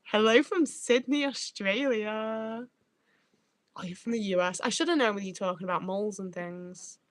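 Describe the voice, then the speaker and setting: A woman's voice: medium pitch, quick pace, dry recording. A woman hosting a livestream, chatting in a rambling, sweary way that often trails off and restarts mid-sentence. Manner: rambling, sweary, self-interrupting. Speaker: livestream host. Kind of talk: casual live-chat rambling.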